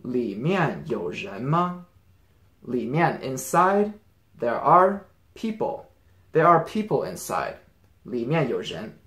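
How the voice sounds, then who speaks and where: A man teaching a casual grammar lesson, explaining step by step with examples. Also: fairly high pitch. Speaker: language teacher. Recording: roomy echo.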